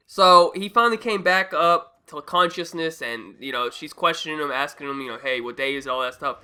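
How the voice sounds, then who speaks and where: A man's voice: fairly high pitch, quick pace, few pauses. A young man casually telling a story from school to his viewers, swearing often and acting out what people said. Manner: animated, profane, acts out quotes.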